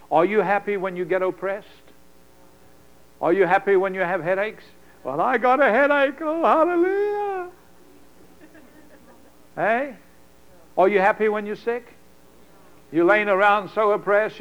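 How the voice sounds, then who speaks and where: High-voiced preacher man, dull lo-fi sound. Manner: dramatic preaching with sudden loud bursts and acted-out voices. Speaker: pastor. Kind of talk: sermon.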